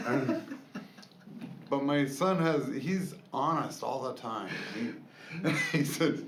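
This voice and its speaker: A man telling a funny family story in a casual chat, animated and often laughing as he talks. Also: mid-range voice, measured pace, vocal fry. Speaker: co-host sharing family stories. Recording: echoey room with faint hiss.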